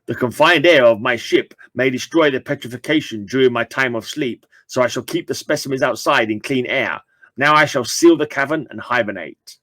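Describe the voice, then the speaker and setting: A man voicing a calm male alien who collects beasts for a zoo, speaking slowly and formally. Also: mid-range voice, no room sound, lightly acted. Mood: solemn. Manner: slow, measured and formal.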